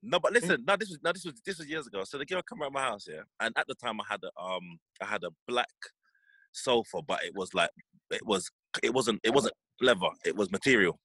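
A man co-hosting a podcast, animated and joking as he tells a story. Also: mid-range voice, fast, slightly rough, no room sound. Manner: animated storyteller, voice jumps up when laughing. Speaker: podcast co-host. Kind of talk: casual banter.

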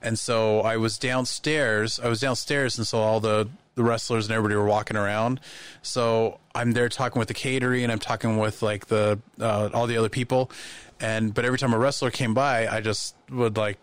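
A man's voice: lowish voice, flat delivery, fairly quick, smooth, dry recording. Podcast guest, man, casual storyteller who acts out the voices in his anecdotes, dry studio mic.

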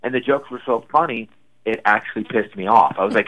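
A comedian being interviewed on the radio, telling stories in a lively way and acting out quotes with big jumps in pitch. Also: male voice, brisk, crowd noise, rough recording. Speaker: comedian guest.

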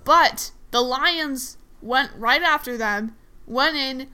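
A woman's voice: sits high, slow pace, bright, forceful tone, smooth. A woman co-hosting a casual chat, eagerly talking through football analysis. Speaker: co-host.

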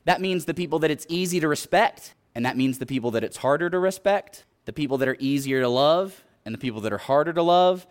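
A man's voice: a little high, expressive, fast, few pauses. A man preaching a sermon in an earnest, exhorting way, often retelling scripture stories.

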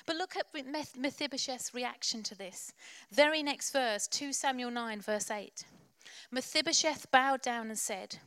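A woman's voice: sits high, measured pace, a bit bright, no echo. A woman preacher delivering a sermon in church, passionate and exhorting, with playful asides.

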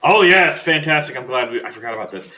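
A male game master narrating a tabletop game in a loose, chatty way, laughing often. His voice sits at a mid pitch. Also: expressive, quick pace, pushed and bright.

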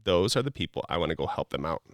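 A man's voice: deep voice, big pitch swings, quick pace, dry recording, studio quality. A middle-aged man, a podcast guest, talking in an earnest, preachy, motivational way with many casual "like" fillers.

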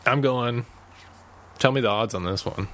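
A young man co-hosting a podcast, agreeable and chatty, tired and quick to laugh. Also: medium pitch, a bit bright. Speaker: podcast co-host. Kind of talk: casual chat.

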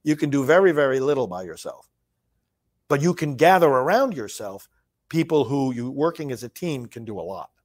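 A man's voice: medium pitch, very animated. A man hosting a solo political commentary show, reading from a speech and discussing it emphatically, often repeating words and restarting phrases. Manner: reads quoted lines slowly and forcefully.

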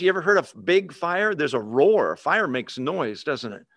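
A man's voice: a little high, big pitch swings, unhurried, a bit bright, dry recording, clean studio sound. A man preaching a sermon in a conversational teaching way, often putting questions to the congregation. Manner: asks the congregation questions, call and response. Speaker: pastor.

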